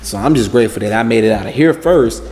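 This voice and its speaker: A man's voice: medium pitch, expressive, quick pace, darkish tone, long reverb tail. A man talking earnestly about faith and life, with casual slang. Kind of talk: reflective talk.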